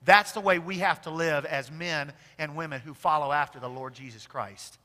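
A male pastor with a high, bright, ringing voice. He preaches in a church sanctuary, rising to loud emphatic peaks and then dropping to hushed asides. The voice trails off into a long hall reverb. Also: normal speed. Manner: swings from loud emphatic declarations to quiet intimate asides. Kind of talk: sermon.

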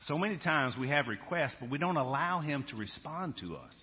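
A male pastor preaching a sermon, moving from hushed storytelling to loud, emphatic exhortation. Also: on the high side, lively intonation, brisk, few pauses. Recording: dull sound with long hall reverb.

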